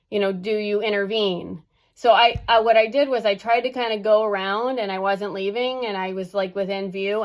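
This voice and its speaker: A woman recounting a personal experience in an unscripted, spoken way. Her delivery is halting and full of fillers and restarts as she works through what happened. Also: medium pitch. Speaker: storyteller. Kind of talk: personal storytelling.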